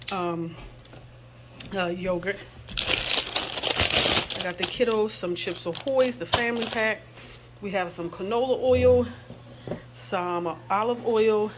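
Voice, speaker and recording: A woman's voice: mid-range voice, noisy background. Easygoing chatty mom vlogger, woman. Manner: easygoing, talks straight to viewers with y'all and um. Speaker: vlogger, mother of two. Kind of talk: casual chatty vlog. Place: at home.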